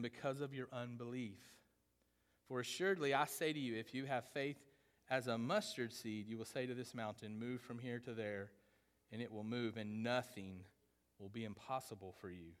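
A man's voice: mid-range voice, fairly bright tone, big-room sound. A man preaching a sermon in a casual, conversational way, often checking in with the congregation. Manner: conversational teaching, often asks "right?". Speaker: pastor.

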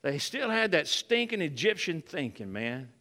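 A man preaching a sermon in an animated way, calling out to the congregation as he goes. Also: on the high side, moderate pace. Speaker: pastor. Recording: long hall reverb.

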